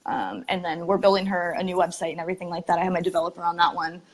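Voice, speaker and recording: A woman's voice: on the low side, flat delivery, rapid-fire. A woman in her twenties from Arizona, a podcast guest talking in a loose, chatty way, laughing often and wandering off topic, heard through earbuds on a call. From Arizona, USA. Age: 20s. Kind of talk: casual chat.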